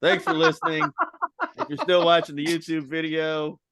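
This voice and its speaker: Easygoing podcast host with a smooth voice. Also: male voice, a little high, sing-song, normal speed, fairly bright tone, no room sound, clean studio sound. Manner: easygoing, laughs between lines, says "uh" and "y'all". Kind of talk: casual podcast sign-off.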